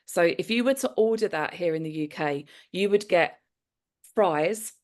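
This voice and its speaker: A middle-aged woman with a London accent chatting as a podcast guest. Her voice sits slightly low and she talks in easy, rambling bursts full of fillers. She laughs often as she explains things. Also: moderate pace. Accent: British, London. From United Kingdom. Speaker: guest, TV producer. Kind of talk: casual interview chat.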